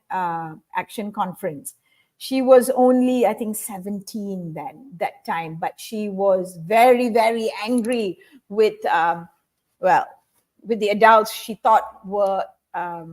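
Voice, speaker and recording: A woman teaching public speaking in a webinar. She coaches students on their delivery and often checks in with "okay?". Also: on the high side. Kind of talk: webinar lesson.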